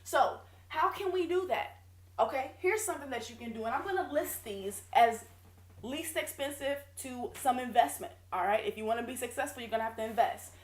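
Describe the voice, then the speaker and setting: A woman's voice: sits high, lively intonation, a little fast. A woman business coach giving direct, emphatic advice in a casual video lesson. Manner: direct, emphatic, self-correcting. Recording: echoey room.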